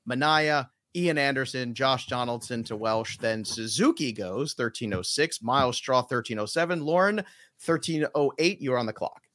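A man's voice: medium pitch, fairly bright tone, no room sound, studio quality. A man hosting a fantasy baseball draft, casually reading off picks and joking with the panel. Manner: recaps picks in quick lists, joking.

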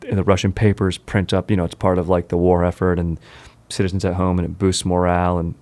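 Male comedy podcast host, lowish voice, animated and punny, dry close sound. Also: fast, dry recording. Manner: animated, joking, punning. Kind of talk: comedic history storytelling.

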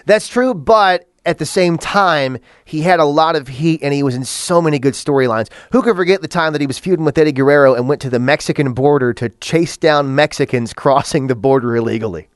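A man's voice: fairly high pitch, fairly quick, hardly any pauses, dry recording, clean studio sound. A man co-hosting a podcast in casual chat, crude and joking, reading out listener comments. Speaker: podcast co-host.

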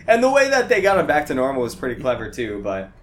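A man's voice: medium pitch, wildly swooping pitch, fast. A man co-hosting a podcast, chatting casually about a movie with lots of fillers, tangents and laughter. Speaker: podcast co-host. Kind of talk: casual movie-review chat.

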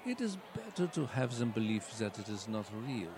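A man voicing a menacing older male tycoon villain with a German accent, speaking slowly. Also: medium pitch, very animated, background noise, pitched below the performer's own voice.

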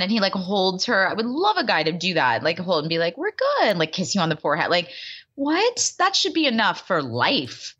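A woman in loose, casual conversation about a reality show, with a very lively, swooping pitch. She laughs easily and talks in fragments. The recording sounds somewhat dull and muffled. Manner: expressive, laughs often, voice swings up and down. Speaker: podcast co-host.

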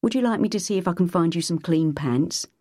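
A man's voice: a little high, expressive, fairly quick, darkish tone, no room sound, clean studio sound. A woman reading an audiobook, voicing a young male charge nurse with a light, falsely jocular manner. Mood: breezy. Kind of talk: audiobook character voice.

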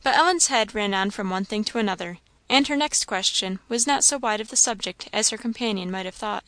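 A woman reading a novel aloud in a steady, measured narration. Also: mid-range voice, no echo. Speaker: audiobook reader.

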